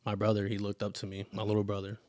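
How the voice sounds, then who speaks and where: Earnest low-voiced young man, flat delivery. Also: no echo, studio quality. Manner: earnest, halting, emotional storytelling. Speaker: podcast host. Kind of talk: casual chat.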